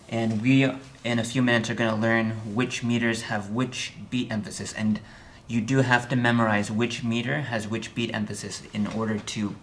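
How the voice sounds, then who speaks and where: A man's voice: lowish voice, a bit bright, a little hiss or hum. Man teaching music theory at a piano. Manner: explanatory, says "okay?" often, dry humor. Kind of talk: online lesson. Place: room with a piano.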